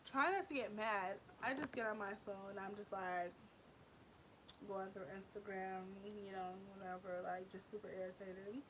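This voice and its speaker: A woman in her twenties tells a storytime vlog with lots of emphasis. Her voice sits at a middle pitch and keeps a chatty, animated flow. She fills her talk with "like" and "you know". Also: normal speed, a little hiss or hum. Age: 20s. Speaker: vlogger.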